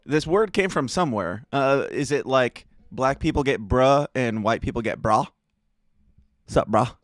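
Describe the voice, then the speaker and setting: A man's voice: medium pitch, lively intonation, normal speed, no room sound. A man co-hosting a casual news podcast who laughs often and tosses in dry asides. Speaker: podcast co-host.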